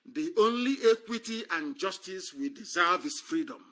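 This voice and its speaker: A man's voice: high voice, lively intonation, normal speed, a bit bright. A man speaking on a live stream, delivering an impassioned political monologue, scornful and emphatic, who repeats phrases for effect. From Nigeria.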